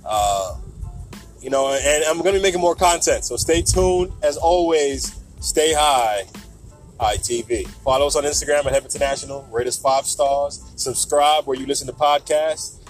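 A man's voice: a little high, moderate pace, faint music behind. A young man hosting a solo podcast, talking casually and rambling through his thoughts with asides. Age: young adult. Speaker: podcast host.

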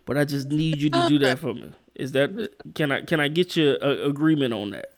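A man's voice: on the high side, brisk, noisy background. A man hosting a podcast in casual chat, playfully pressing his point with a preacher-like urging cadence. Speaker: podcast host.

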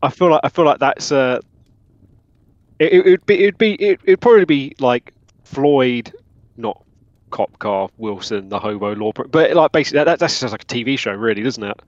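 A man's voice: medium pitch, expressive, normal speed, no room sound. A man chatting playfully with friends as a player, eager and joking. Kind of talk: casual chat among friends. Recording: dry, muffled lo-fi recording.

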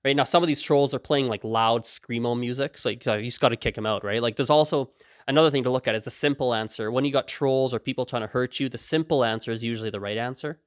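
Animated man telling stories, dry sound. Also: mid-range voice, quick pace, no room sound. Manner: animated, acts out quoted voices, laughs often. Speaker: podcast host. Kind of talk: casual monologue.

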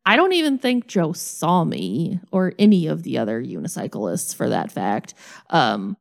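A woman co-hosting a podcast, telling a lively, self-mocking story in a casual chat. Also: low-pitched, a little slow, gravelly.

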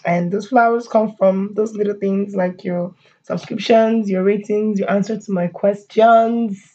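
A woman's voice: medium pitch, steady tone, a little slow, mellow, lo-fi sound. A woman hosting her own podcast, chatting casually with her listeners. She laughs often and uses a lot of fillers and asides. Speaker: podcast host. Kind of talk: casual solo podcast chat.

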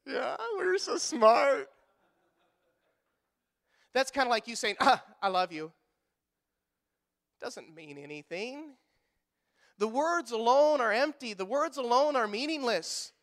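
With a very high voice, a pastor preaches an energetic sermon in church, bantering with the congregation and imitating various voices whenever he quotes someone.

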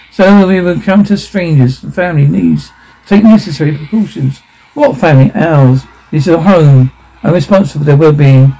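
A man playing a soft-spoken survivor cult leader. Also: fairly high pitch, slightly rough, poor audio. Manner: soft, coaxing and courteous. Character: calm, smooth-talking male leader of a survivor family.

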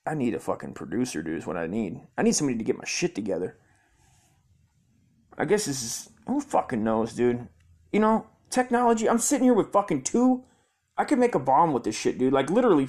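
A man's voice: mid-range voice, darkish tone. A young man hosting his own podcast, ranting profanely and muttering in frustration at his computer. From Southern California. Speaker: podcast host. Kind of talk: rambling solo podcast rant.

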